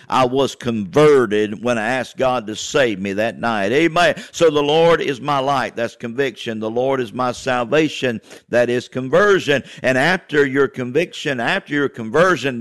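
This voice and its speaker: A man delivers a fervent radio sermon. He repeats himself often, stammers into his points and keeps calling on his listeners to pay attention. His voice sits in a middle pitch, recorded dry and close. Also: a bit bright, no room sound. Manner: fervent, repetitive preaching with many "amen"s and "hey, listen". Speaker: preacher.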